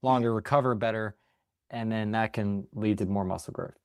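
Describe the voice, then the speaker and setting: A man's voice: fairly low pitch, fairly even intonation, moderate pace, clean tone, no room sound, studio quality. A man co-hosting a podcast in casual chat, answering in a hesitant, hedging, laid-back way. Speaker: podcast co-host.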